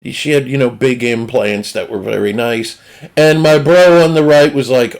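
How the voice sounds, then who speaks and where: A man with a Northeastern US accent tells a crude comic story, rambling and cutting himself off as he goes. His medium-pitched voice has vocal fry and a darkish tone, and he speaks at a moderate pace. It's casual comedic storytelling.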